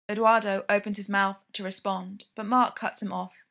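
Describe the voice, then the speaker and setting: Woman narrator for a story read aloud; bright, steady, expressive delivery. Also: mid-range voice, normal speed, vocal fry. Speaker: reader. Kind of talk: reading fiction aloud.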